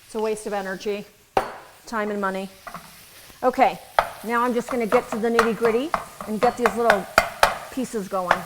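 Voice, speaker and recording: A woman's voice: mid-range voice, fairly even intonation, normal speed, long pauses. A woman chef giving a casual cooking demonstration in a kitchen, chatty and joking, with asides to the viewers. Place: kitchen at the stove. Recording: sizzling pan noise behind the voice.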